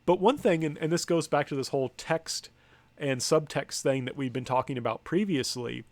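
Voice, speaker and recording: With a slightly high voice and a moderate pace, a man from the United States talks through his slides like a conversation. He hesitates often, saying um, starting over, correcting himself, and tossing in dry asides, with no room sound on the recording.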